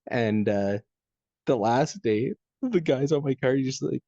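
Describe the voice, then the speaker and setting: A man's voice: mid-range voice, lively intonation, unhurried, dark tone, dry recording, muffled recording. Laid-back Canadian guy on a podcast. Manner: laid-back storytelling, lots of "dude" and laughter. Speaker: podcast co-host. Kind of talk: casual chat.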